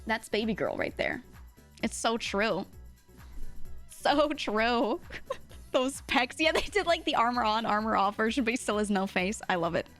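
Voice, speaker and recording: Woman streamer, gushing and giggly, with a very lively, bouncing pitch and faint music underneath. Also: measured pace. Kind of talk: casual chat.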